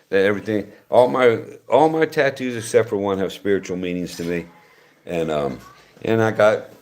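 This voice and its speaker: Older man, host, loose rambling livestream talk, deep low voice. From West Virginia, United States. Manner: rambling, conversational, frequent restarts. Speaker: channel host reading viewer comments. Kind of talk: casual livestream chat.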